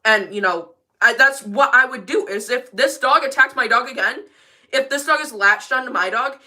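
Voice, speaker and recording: A woman's voice: fairly high pitch, normal speed, bright, forceful tone. A woman with a service dog ranting casually and defiantly on a livestream from her bathroom, rambling and emphatic.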